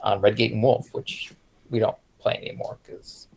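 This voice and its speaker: A man's voice: lowish voice, flat delivery, moderate pace, gravelly, a little hiss or hum. A man introducing himself as a tabletop player, scattered and joking with mock gloom. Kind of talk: casual chat over an online call.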